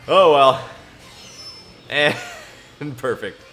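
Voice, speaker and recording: A man's voice: a little high, lively intonation, drawn-out words, a bit bright, faint music behind. A man chatting to himself while playing a racing game, laughing often and reading scripture aloud in between. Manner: self-amused, laughs often, talks to himself. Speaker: gamer. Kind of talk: casual gaming commentary mixed with scripture reading.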